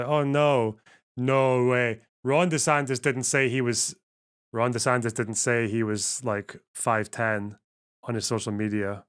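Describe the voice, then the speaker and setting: A man's voice: medium pitch, measured pace, smooth. A man hosting a live stream, reacting to news clips with crude, laughing, sarcastic asides. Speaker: streamer host. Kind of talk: casual live reaction chat.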